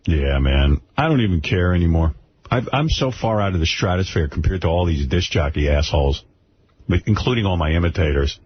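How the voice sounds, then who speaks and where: A man's voice: low voice, expressive, brisk, slightly rough. A middle-aged man hosting a radio show, blunt, boastful and profane. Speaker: radio host. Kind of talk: radio banter. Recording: muffled radio broadcast.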